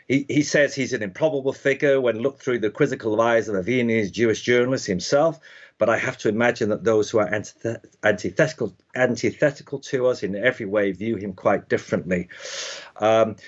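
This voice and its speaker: A man's voice: mid-range voice, normal speed. Rambling man teaching history, dull audio. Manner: rambling, many restarts and "you know" fillers. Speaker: Bible prophecy teacher. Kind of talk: casual conversational teaching.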